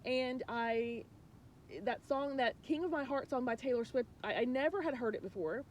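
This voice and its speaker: A woman's voice: high voice, normal speed, a little hiss or hum. A woman spiritual coach talking casually and earnestly to viewers, rambling with many restarts and sharing emotional, confiding thoughts.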